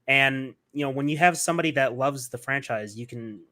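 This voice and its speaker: A male podcast host chatting casually with his guest at a middle pitch. He rambles with enthusiasm, circles back over his own words and leans on plenty of fillers. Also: fairly quick, sharp tone. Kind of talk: casual interview chat.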